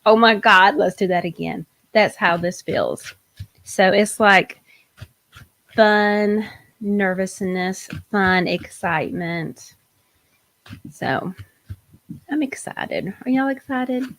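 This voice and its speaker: A woman hosting a live tarot reading show, chatting casually and energetically with viewers. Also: mid-range voice. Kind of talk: casual live-stream chat.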